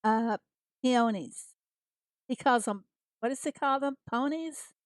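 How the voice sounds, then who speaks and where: A woman's voice: on the high side, takes it slowly, no echo. Chatty American woman streaming a game. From United States. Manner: chatty, laughs often, greets viewers by name. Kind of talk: casual livestream chat.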